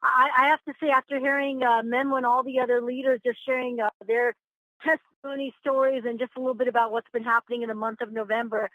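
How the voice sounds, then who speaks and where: A woman, a company co-founder, speaking excitedly on a conference call. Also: fairly high pitch, fast, no room sound, phone-quality sound. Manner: excited, upbeat.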